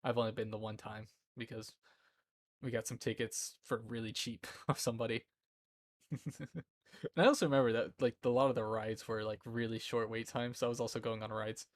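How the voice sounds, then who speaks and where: A man's voice: medium pitch, steady tone, fairly quick, dry recording. A man in his twenties chatting casually on a live stream from home, rambling and often breaking into laughter. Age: 20s. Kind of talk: casual chat. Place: indoor room at home.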